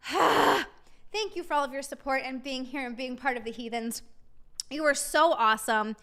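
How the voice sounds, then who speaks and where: A woman's voice: sits high, measured pace, bright, forceful tone. A woman streamer chatting casually with her viewers while eating, often giggling. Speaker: live streamer. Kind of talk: casual live-stream chat.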